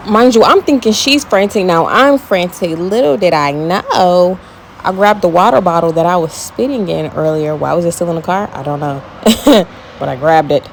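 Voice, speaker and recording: A woman with a Texas accent telling a casual storytime, animated, profane and dramatic. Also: lowish voice, normal speed, vocal fry, a little hiss or hum. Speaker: vlogger.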